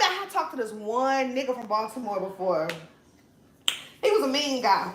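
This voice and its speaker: A young woman chatting casually while cooking at home, profane and laughing often, her voice swinging between loud and soft. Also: sits high, animated, moderate pace. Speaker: vlogger. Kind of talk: casual cooking vlog chat. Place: home kitchen. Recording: echoey room, faint noise.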